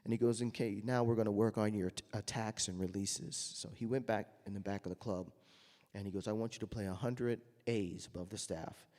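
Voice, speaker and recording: A man's voice: lowish voice, fairly even intonation, brisk, long reverb tail. A man, a jazz trumpeter, telling anecdotes to an audience and acting out the voices he quotes. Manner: storytelling, acts out quoted voices loudly.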